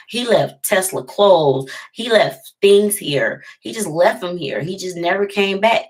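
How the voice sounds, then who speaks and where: A woman's voice: medium pitch, lively intonation, a little slow, few pauses. A woman telling a personal heartbreak story in a rambling, self-correcting way, sometimes dropping almost to a whisper. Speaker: vlogger. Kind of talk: storytime vlog.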